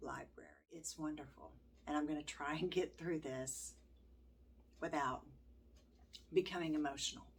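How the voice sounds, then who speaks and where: An older woman, a homeschooling grandmother, talking to her viewers in a gentle, heartfelt way with many halting pauses. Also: sits low, husky. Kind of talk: casual vlog talk.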